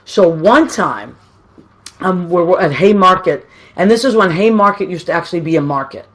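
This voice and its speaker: A woman tells a family story. She talks in a chatty, animated, self-mocking way and keeps adding asides. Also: on the low side, moderate pace. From Boston, USA. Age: 50s. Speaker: granddaughter telling a tribute story. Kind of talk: casual storytelling.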